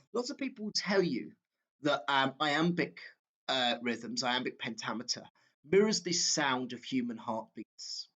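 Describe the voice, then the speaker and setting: A man teaching a literature exam walkthrough, talking slowly and haltingly, with fillers and self-corrections as he works through a poem. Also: medium pitch, very animated, a bit bright.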